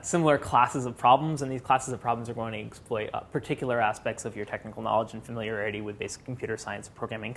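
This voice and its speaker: A young man gives a casual seminar talk, with a voice of ordinary, middling pitch for a man. He keeps it chatty and loose, dropping fillers and breaking into laughs at his own jokes. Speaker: student presenter.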